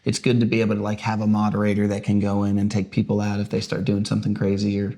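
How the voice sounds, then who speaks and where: A man's voice: on the low side, completely flat delivery, quick pace, warm tone. A man co-hosting a podcast in casual chat, rambling with lots of fillers. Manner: rambling, uses many fillers. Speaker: podcast co-host.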